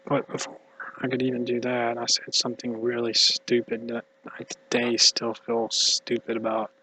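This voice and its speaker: An exhausted man talks in a mumbly, halting ramble that keeps slipping into near-whispers. His voice has a bright edge but almost no rise and fall. A faint hum sits under it. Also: mid-range voice, monotone, poor audio. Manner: halting, hushed, drifting into whispers. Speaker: vlogger. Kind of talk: rambling personal monologue.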